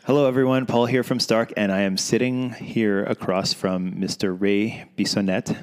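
A man hosting a casual podcast conversation, with a slightly low voice. He talks in a laid-back, easygoing way and leans on fillers like "uh" and "you know". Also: normal speed, a little mellow, clear, resonant tone. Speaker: podcast host.

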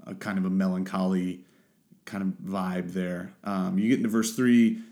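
A man's voice: low voice, flat delivery, moderate pace, warm tone. A man hosting a solo podcast, talking casually and rambling as he searches for the right words. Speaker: podcast host.

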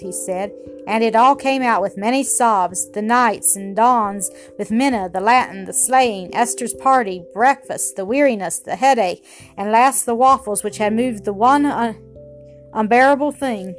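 A woman narrates a storybook in a gentle, expressive way. Her voice sits a little high, and soft music plays faintly underneath. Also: measured pace.

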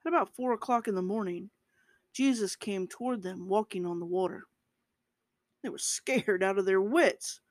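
A woman preacher delivers a relaxed, conversational sermon at a middling pitch, rising in emphasis at key points. The recording is close and dry, with no room sound. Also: normal speed, dry recording. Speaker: preacher, podcast host.

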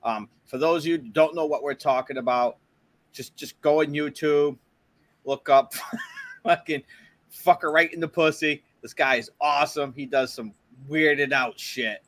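Male co-host, swears freely, slightly high voice, dry close sound. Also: steady tone, unhurried, a bit bright, dry recording. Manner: profane, enthusiastic and laughing. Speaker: podcast co-host. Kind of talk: crude casual chat.

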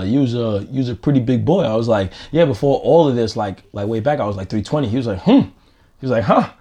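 A man telling a story in casual chat, animated, laughing often and saying "yo" a lot. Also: mid-range voice.

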